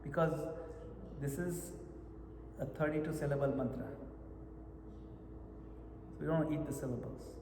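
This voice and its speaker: A man who teaches japa retreats gives meditation workshop instruction, coaching listeners and often making sure they follow. His voice is on the high side and fairly even, a little slow with long pauses, captured in a reverberant retreat hall with noisy background.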